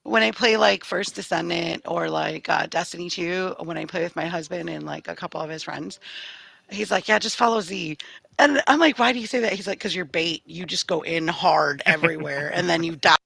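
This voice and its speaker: Woman podcast cohost, bright voice w some fry, acts out quotes, laughs a lot. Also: lowish voice, moderate pace, no room sound, low-quality recording. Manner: animated storyteller who acts out quotes, laughs often. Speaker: podcast co-host. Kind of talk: casual chat.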